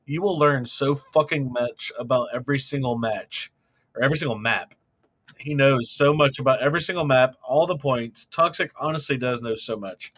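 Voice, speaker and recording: A man's voice: mid-range voice, moderate pace, a bit bright, no echo, dull audio. A man on group voice chat, loose and enthusiastic, swearing freely. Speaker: clan organizer. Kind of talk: casual voice chat.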